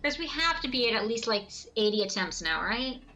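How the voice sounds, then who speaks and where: A woman's voice: on the high side, big pitch swings, a little fast, sharp tone, low-quality recording. A woman streamer chatting casually while gaming, rambling and laughing often.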